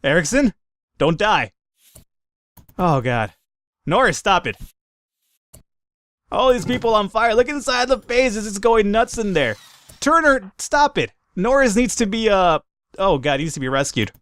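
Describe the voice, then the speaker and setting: A man narrating his gameplay in a let's play, his voice sitting a little high and coming through smooth and clear. He talks excitably and swears freely, laughing at his own blunders. The sound is close and dry, with no room around it. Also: unhurried, pauses often, no echo. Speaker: gaming commentator.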